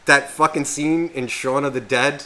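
A man's voice: mid-range voice, steady tone, moderate pace, pushed and bright. A man co-hosting a podcast, telling a rambling story in casual chat full of swearing. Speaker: podcast co-host.

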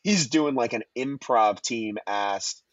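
A man co-hosting a podcast, reviewing films in casual, profane, excitable chat. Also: medium pitch, slow, no echo, muffled recording. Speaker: podcast co-host.

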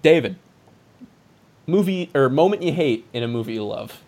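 A man's voice: mid-range voice, animated, moderate pace, darkish tone. Easygoing man hosting a podcast. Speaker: podcast host. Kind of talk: casual chat about movies.

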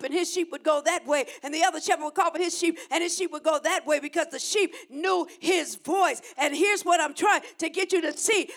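A woman's voice: sits high, a bit bright. A woman preaching a sermon, emphatic and repetitive, calling the congregation to answer back.

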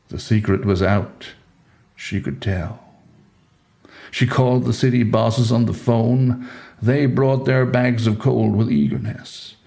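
A man narrating a poetic story with a measured, solemn delivery. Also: fairly low pitch, gravelly, warm tone.

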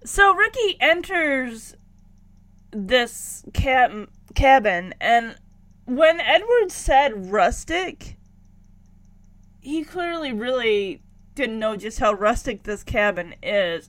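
A woman's voice: a little high, a bit bright, dry recording. Chatty woman recapping a show. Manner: chatty, acts out lines from the scenes. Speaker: podcast host recapping a sitcom. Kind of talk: casual recap chat.

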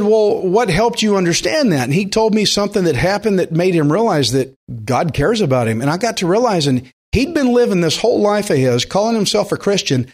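A man preaching a sermon in an earnest, conversational way, slowing down to stress key points. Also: sits high, husky. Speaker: pastor.

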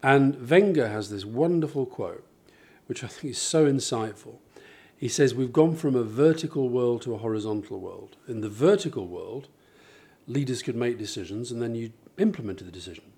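Husky, dark-toned man, thoughtful interviewee, talks in examples. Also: medium pitch, lively intonation, normal speed. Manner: thoughtful, explains with examples, many restarts. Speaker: author and interviewee. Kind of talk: conversational interview.

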